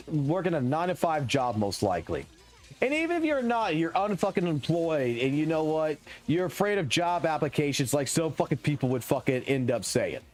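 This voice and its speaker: A man streaming a game live, ranting with heavy swearing in an animated, excitable way. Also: a little high. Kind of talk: profane live stream rant while gaming.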